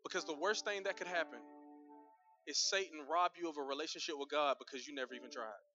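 A man's voice: fairly high pitch, fairly even intonation, quick pace, pushed and bright, highs cut off, faint music behind. A male pastor preaching a sermon in a conversational, humorous storytelling manner, speaking directly to his congregation.

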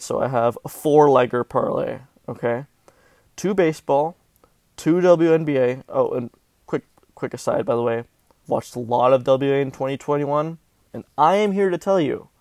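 A man with a gravelly, creaky voice hosts a sports betting show in casual chat. He's animated and melodramatic, mocking himself over his losses. The sound is dry and close to the mic. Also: medium pitch, no echo. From Southern California. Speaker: sports betting podcast host.

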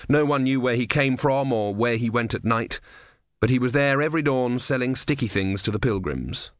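A man's voice: mid-range voice, moderate pace, dry recording. A man narrating a comic fantasy audiobook with dry, wry delivery.

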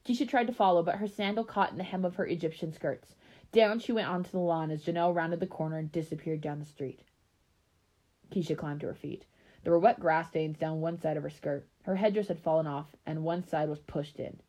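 Woman reading a story aloud, lowish voice. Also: brisk. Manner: relaxed reading with chatty asides.

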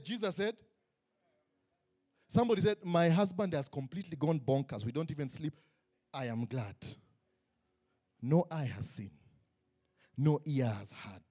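A man's voice: a little high, a little slow, pauses often. A man preaching a sermon in a church tent, joking and acting out the people he quotes. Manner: animated, joking, acts out quotes. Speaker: pastor.

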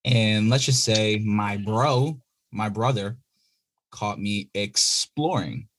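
A young man tells a story on a podcast in a husky voice. He is loose and animated, and he acts out the other people in his story. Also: lowish voice, takes it slowly. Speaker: podcast co-host. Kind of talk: casual storytelling chat.

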